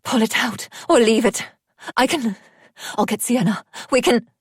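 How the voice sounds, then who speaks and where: A woman narrator voicing a frantic young heroine with fiery power, shouting desperately in an audiobook. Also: fairly high pitch, a little slow, husky, dry recording, clean studio sound, pitched above the performer's own voice. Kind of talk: audiobook character voice.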